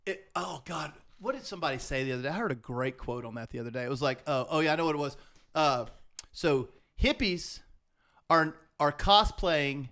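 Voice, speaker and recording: A man's voice: on the high side, animated, fairly quick, fairly bright tone. A middle-aged man co-hosting a podcast, telling a long rambling story in casual chat, full of restarts and voiced quotes of other people. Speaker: podcast co-host.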